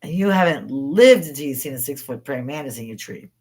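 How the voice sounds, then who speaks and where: A middle-aged woman hosting a live stream, telling stories in a rambling, spontaneous way, excitable and quick to swear. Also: very deep voice, husky. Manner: excitable, swears freely, jumps between thoughts. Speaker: paranormal livestream host.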